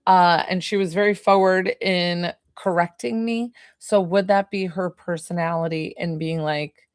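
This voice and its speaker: A woman's voice: fairly low pitch, fairly even intonation, a little slow, smooth, no room sound, clean studio sound. A woman doing a live psychic medium reading, rambling and hesitant with lots of fillers, sounding tired. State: tired, yawning.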